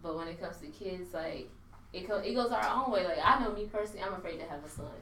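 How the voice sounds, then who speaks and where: Lower-voiced young woman, candid and heartfelt. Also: lively intonation, fast, a bit bright, a little hiss or hum. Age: young adult. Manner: candid, heartfelt, swears casually. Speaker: panelist. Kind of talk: casual panel discussion. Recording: echoey room, mic far off.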